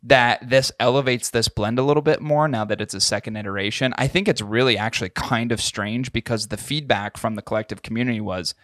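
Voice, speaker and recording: A man's voice: lowish voice, fast, few pauses, fairly bright tone, no room sound, studio quality. A young adult man co-hosting a podcast in casual chat, crude and joking, often laughing as he tells stories. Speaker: podcast co-host.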